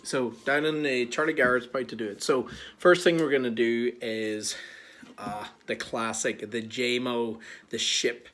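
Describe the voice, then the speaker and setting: A man's voice: medium pitch, a little slow, a little hiss or hum. Chatty Irish man hosting a tasting. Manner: chatty, joking, relaxed. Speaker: whiskey tasting host. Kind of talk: casual instructional talk. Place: small bar.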